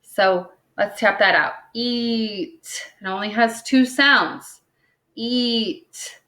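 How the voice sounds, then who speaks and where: Her voice is a little high, bright, and forceful as she guides young kids through phonics. The second grade teacher patiently sounds out words, taps each syllable, and adds "okay?" after each point, with a roomy echo around her.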